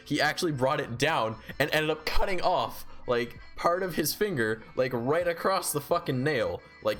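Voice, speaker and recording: A man chats casually on a stream, telling a story packed with swearing and "like" fillers. His voice is mid-range with a fairly bright tone.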